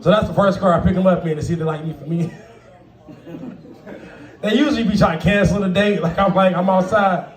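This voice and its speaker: Brief: high-pitched male stand-up comic, profane and laughing, recorded from a distance. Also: brisk, roomy sound, some chatter behind. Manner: profane, laughing, acts out quoted voices. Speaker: stand-up comedian. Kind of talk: stand-up comedy set. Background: audience laughter.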